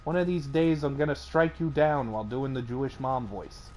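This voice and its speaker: A man's voice: mid-range voice, fairly even intonation, normal speed, darkish tone, a little hiss or hum. A man hosting a casual game stream, joking around and swearing freely at a home desk mic. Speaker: streamer host.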